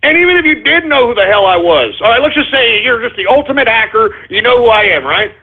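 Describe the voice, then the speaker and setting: An internet radio host rants at his listeners, exasperated and berating, swearing often in a call-in style monologue. His voice is very high-pitched, husky, expressive and fast. The audio has a tinny phone-line quality.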